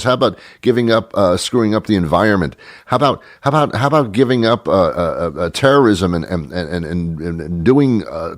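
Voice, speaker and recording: Man, talk-show host, comic rant, incredulous, sarcastic, deep voice. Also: dry recording, studio quality. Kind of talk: comic monologue.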